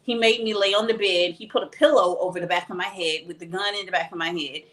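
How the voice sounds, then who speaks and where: A woman's voice: lowish voice, fairly even intonation, fast, a bit bright. Candid woman telling her own story. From Texas, USA. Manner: candid, plain-spoken storytelling that acts out what others said. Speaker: podcast guest. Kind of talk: telling a personal story in a podcast interview.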